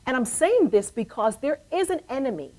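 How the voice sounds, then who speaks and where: A middle-aged woman hosts a live web show and tells her story in a preaching style. She repeats phrases for weight and pushes her voice to loud, emphatic declarations of faith. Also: high voice, big pitch swings, moderate pace. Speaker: talk show host.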